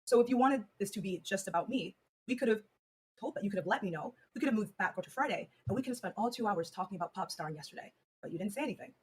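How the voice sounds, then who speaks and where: A woman co-host answering calmly in a flat, measured, serious monotone. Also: mid-range voice, slightly rough. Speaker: co-host on a live stream. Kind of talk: serious on-air reply.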